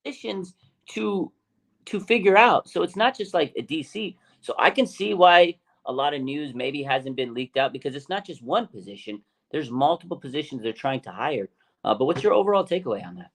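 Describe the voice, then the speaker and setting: A man hosting a casual sports podcast, talking in an animated, slangy way with many fillers and restarts. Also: on the high side, moderate pace. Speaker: podcast host.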